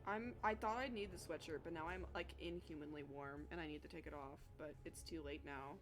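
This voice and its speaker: A woman's voice: sits low, fairly quick, over music. Chatty young woman streaming. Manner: chatty, self-deprecating, swears freely. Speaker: streamer drawing live. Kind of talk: casual livestream chat while reading chat.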